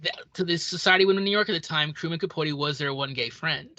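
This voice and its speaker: A podcast co-host chatting casually about films, telling scenes in an animated way and acting out quoted lines. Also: medium pitch, fast, dry recording. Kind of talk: casual film chat.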